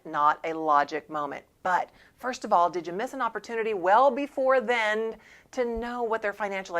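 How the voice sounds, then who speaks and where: A woman's voice: mid-range voice, fairly bright tone. A woman hosting a sales training show, delivering a scripted lesson with emphatic, punchy coaching.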